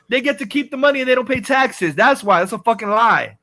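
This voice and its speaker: This is a man with a high voice, hosting a casual livestream chat. His tone is bright and sharp. He rants crudely and trips over his words as he gets heated. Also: fast talker, few pauses. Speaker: livestream host. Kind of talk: casual profane rant chat.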